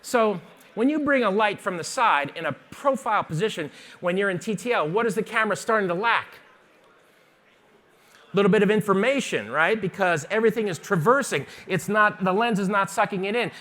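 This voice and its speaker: A man, running a live photography workshop. He talks quickly and casually, cracking jokes and firing questions at the audience as he demonstrates. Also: sits high, fairly bright tone. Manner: chatty, jokey, fast-talking teacher quizzing the audience. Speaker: photography instructor. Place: conference stage before a live audience.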